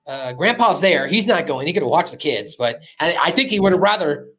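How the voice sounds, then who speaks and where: A man's voice: fairly high pitch, expressive, brisk, fairly bright tone. A man hosting a podcast, animatedly retelling a cartoon episode in a loose, casual chat with lots of fillers. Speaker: podcast host.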